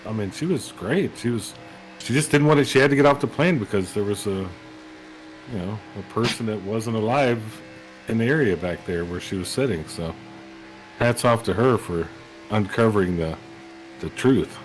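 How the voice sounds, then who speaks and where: Laid-back man with a lower voice, joking around. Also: normal speed, faint music behind, poor audio. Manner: rambling, jokey, laid-back. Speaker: color commentator. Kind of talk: casual joking commentary.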